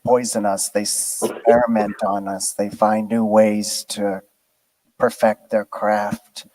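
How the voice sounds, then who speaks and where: A man speaking slowly in sweeping, preachy pronouncements during a casual online voice chat. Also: on the low side, level tone, a little mellow, dry recording, low-quality recording. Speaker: chat room participant.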